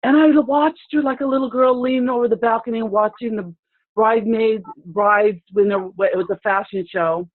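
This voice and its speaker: A woman's voice: fairly high pitch, steady tone. A woman recounts a personal story with emotion. She halts and restarts often as she rambles along. Her voice arrives over a tinny, phone-like video call line. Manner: rambling, halting, with many restarts. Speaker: participant sharing a story.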